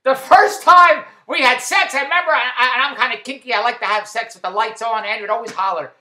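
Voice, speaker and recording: A man's voice: very high-pitched, sharp tone. A middle-aged man giving a comic birthday monologue for his wife, firing off old-school one-liners and repeating the punchlines. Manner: rapid-fire old-school joke telling, repeating punchlines. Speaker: husband sending a birthday message. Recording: echoey room.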